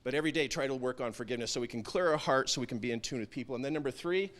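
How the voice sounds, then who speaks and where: A man's voice: medium pitch, rapid-fire, a bit bright. A man speaking earnestly at a town hall event, emphatic and building to intense peaks. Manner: earnest, emphatic, rising to intense peaks when quoting himself. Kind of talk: motivational talk. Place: event stage.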